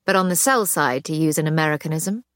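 A woman voicing a brisk, matter-of-fact host husband at a dinner. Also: sits low, fairly bright tone, no room sound, clean studio sound.

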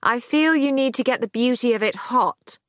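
A woman's voice: on the high side, moderate pace, no echo, clean studio sound, voice pushed up, lightly acted. A woman voicing a genteel, shabby bohemian hostess who teases her dinner guests. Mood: hospitable. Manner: bright, teasing, hospitable.

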